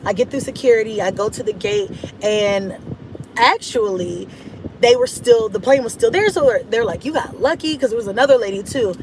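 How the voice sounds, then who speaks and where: A woman vlogger telling a casual story in an animated, dramatic way, acting out her own thoughts. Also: medium pitch, moderate pace, slight background noise, low-quality recording. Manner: animated, dramatic retelling with laughs and voiced-out inner thoughts. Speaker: mom vlogger.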